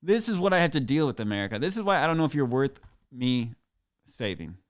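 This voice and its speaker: A man's voice: mid-range voice, big pitch swings, a little fast. A man hosting a comedic podcast solo, rambling in a boastful, sarcastic, mock-grandiose way. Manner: self-aggrandizing, sarcastic, rambling. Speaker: podcast host.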